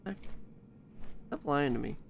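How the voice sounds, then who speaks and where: Young male gamer, slightly high, animated intonation, easygoing, faint background hum. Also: measured pace, vocal fry. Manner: easygoing, trailing off mid-sentence. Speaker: gaming streamer. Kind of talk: casual chat.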